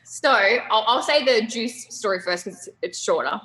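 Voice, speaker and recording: A young woman tells a lively anecdote over a video call, laughing easily as she goes. Her voice is bright and forward. A faint background hiss sits under the call audio. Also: on the high side, normal speed, low-quality recording. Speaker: storyteller guest on a video call. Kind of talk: casual anecdote telling.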